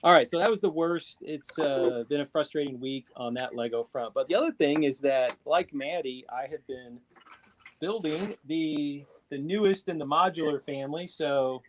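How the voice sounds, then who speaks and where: A man's voice: on the high side, moderate pace, a little hiss or hum. A man chatting casually on a live video call, rambling with fillers and restarts, speaking into a tablet microphone. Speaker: panelist on a live video show. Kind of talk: casual chat.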